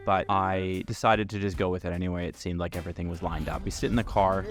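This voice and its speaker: A man narrating a travel story as a vlogger, animated and acting out the dialogue. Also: low voice, fast talker, over music. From Canada. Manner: animated, acts out quoted dialogue.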